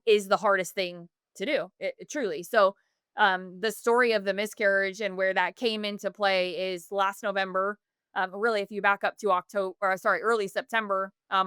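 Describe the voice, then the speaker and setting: A woman's voice: medium pitch, a bit bright, clean tone, dry recording, studio quality. A woman in her thirties, a podcast guest, telling a personal story earnestly, with many fillers and self-corrections. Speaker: podcast guest, business founder.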